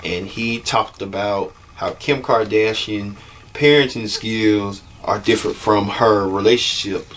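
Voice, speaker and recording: Low-voiced casual male host. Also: fairly even intonation, unhurried, fairly bright tone, a little hiss or hum. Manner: loose and chatty, laughs often. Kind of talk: casual commentary.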